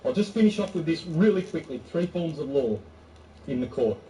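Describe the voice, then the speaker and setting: A man's voice: fairly high pitch, animated, fairly quick, dark tone, a little hiss or hum. Man lecturing emphatically in an echoey room. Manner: emphatic, acts out quotes, restarts. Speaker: speaker on court law. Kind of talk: informal lecture. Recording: distant mic, echoey room, faint ambience.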